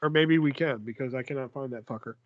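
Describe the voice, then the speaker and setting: A man hosting a casual podcast who talks in a lively, swearing, joking way. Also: mid-range voice, fast, narrow, tinny audio, a little hiss or hum. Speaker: podcast host. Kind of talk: casual chat.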